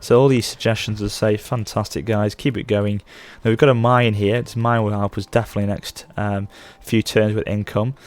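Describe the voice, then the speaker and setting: A man in his thirties hosts a gaming channel, offering rambling, casual let's play commentary in a chatty manner and often correcting himself mid-sentence. His voice is on the low side with a darkish tone.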